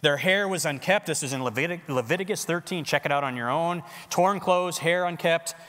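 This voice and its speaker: A pastor preaches to his congregation in a conversational, animated way, with jokes along the way. His voice is bright and forceful and sits a little high for a man. The sound rings with the long reverb of a large worship hall. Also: fairly quick. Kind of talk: sermon. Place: church worship center.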